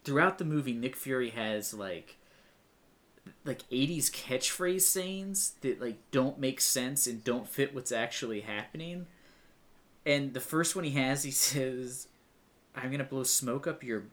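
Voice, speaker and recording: A man with a middling pitch talks through a film in casual podcast banter. He is wry, leans on filler words and laughs at his own jokes. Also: expressive, slow pace, a bit bright. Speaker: podcast co-host. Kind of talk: casual movie-review chat.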